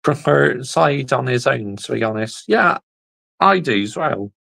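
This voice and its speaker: Male football reactor, husky fry-heavy voice, unhurried, blunt and slangy. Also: medium pitch, expressive, sharp tone, low-quality recording. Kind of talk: casual reaction commentary.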